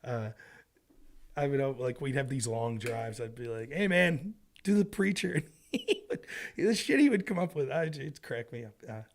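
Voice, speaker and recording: A man's voice: mid-range voice, expressive, moderate pace. A man hosting a casual livestream of political commentary from home, talking in an emphatic, conversational way.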